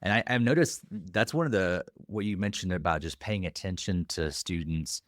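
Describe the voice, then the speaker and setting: A man with a low voice hosts a podcast interview, backing his guest with steady affirmations before asking follow-up questions. His voice sits dry and close to the mic. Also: normal speed, no echo. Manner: affirming listener, frequent "mm" and "yeah". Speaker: podcast host.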